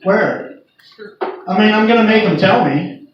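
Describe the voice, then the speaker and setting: A man's voice: high-pitched, fairly quick, far from the mic, lo-fi sound. A man telling crude stand-up stories about working as a nurse, with a storyteller's build to each punchline. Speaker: stand-up comedian. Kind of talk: stand-up comedy set. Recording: echoey live club recording from afar. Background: audience laughter.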